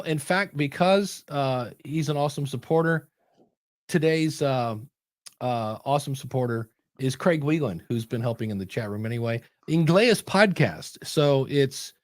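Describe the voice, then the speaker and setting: A man's voice: mid-range voice, measured pace, dry recording, studio quality. A man hosting a podcast coaching show in casual chat, telling stories animatedly and acting out quoted voices. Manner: animated storyteller who acts out quoted voices.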